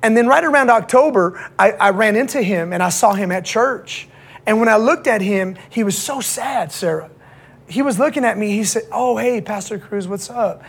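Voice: medium pitch, expressive, moderate pace, gravelly, husky. A pastor preaching to young people in a casual, slangy way, checking in with the audience again and again.

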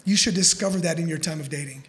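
A woman's voice: low-pitched, fast, slight background noise. Earnest woman giving advice. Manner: earnest, repeats points with "right?". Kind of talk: advice talk.

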